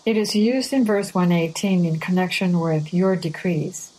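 A woman delivering a sermon at an unhurried, careful pace. Her voice sits a little low, and she reads each line of scripture deliberately, with pauses between phrases. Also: darkish tone, low-quality recording. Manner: measured, deliberate scripture reading. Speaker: preacher. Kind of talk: slow sermon reading.

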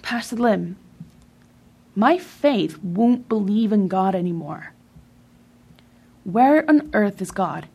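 A woman's voice: medium pitch, animated, takes it slowly, gravelly, pauses often, mellow, slightly rough, heavily acted. A woman voicing a weary young man who has lost his faith, in a sermon reading.

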